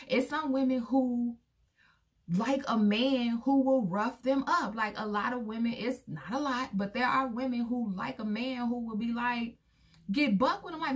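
A woman and mother giving her candid opinions to viewers in a casual vlog, acting out quoted voices with big jumps in pitch. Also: normal speed. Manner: candid, talks straight to viewers. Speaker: vlogger; parent of a son.

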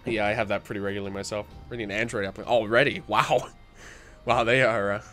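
With faint music in the background, a young man streams a game while feeling sick and tired, chatting loosely with viewers. He speaks quickly in a fairly low, fairly even, sharp-toned voice, with many fillers, restarts and the odd crack.

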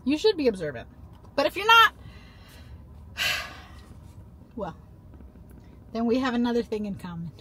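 A woman's voice: fairly high pitch, wildly swooping pitch, measured pace, long pauses, bright, forceful tone, a little hiss or hum. A woman in her thirties, a mother, chatting casually to a phone camera in a rambling, playful storytelling way while out and about. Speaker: vlogger. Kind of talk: casual vlog chat. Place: in a car and out and about.

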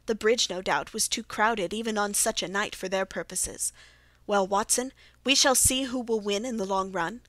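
A woman reading the part of a brilliant, aloof male detective in an audiobook, with a measured, precise delivery. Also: medium pitch, fairly bright tone, no echo, close to an everyday voice. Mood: stung, resolute.

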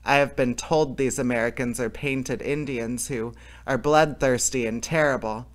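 A man's voice: mid-range voice, steady tone, moderate pace, lightly acted. A man voicing a gloomy, frightened robber. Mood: fearful. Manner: fearful, hollow.

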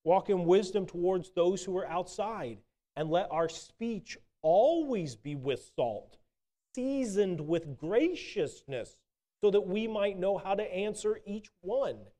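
A man preaching a sermon in a relaxed, conversational storytelling way, with some hesitant restarts. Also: sits high, slow pace.

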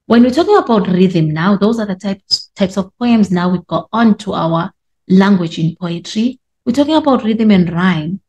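A woman teaching a class, explaining slowly with repetition and stretched words for emphasis. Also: mid-range voice, animated, a little mellow. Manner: explanatory, repeats points and drags out words for emphasis. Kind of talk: classroom lesson.

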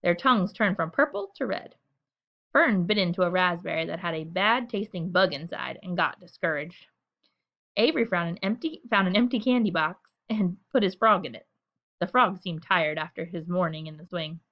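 A woman reading a children's storybook aloud at bedtime, gentle and expressive, with chatty asides. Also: lowish voice, moderate pace, lo-fi sound.

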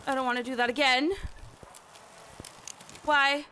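Woman gamer, high voice, scared, swears and repeats herself, loud noise behind. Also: flat delivery, measured pace. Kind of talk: horror game let's-play commentary. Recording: noisy with game sound behind.

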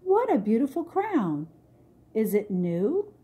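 Woman putting on a teenage princess, eager, breathless exclamations, lively rising voice, husky tone. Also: a little high, extremely slow, voice pushed up, exaggerated voice. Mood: excited. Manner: breathless, wide-eyed exclamations.

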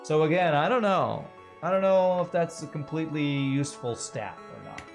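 A man streaming a game, joking casually and reading viewers' chat comments out loud. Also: fairly high pitch, big pitch swings, moderate pace, creaky, faint music behind. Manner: jokey, reads chat aloud.

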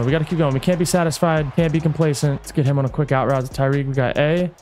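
Male gamer, excitable play-by-play of his own game, coaches himself aloud, slightly high voice, faint music bed. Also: quick pace, few pauses. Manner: excitable, coaching himself, yelling at big plays. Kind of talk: hyped live gameplay commentary.

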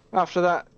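A man streaming a horror game, talking in a jokey, excitable way with yelps and laughs. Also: dull audio. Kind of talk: gaming commentary.

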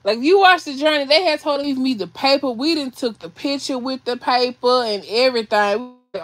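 A woman's voice: sits high, brisk, few pauses, fairly bright tone. Emotional woman on a livestream. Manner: rambling, restarts and repeats phrases. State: shaky, emotional. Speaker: vlogger doing a livestream. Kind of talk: emotional casual storytelling to viewers. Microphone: phone or webcam on a livestream.

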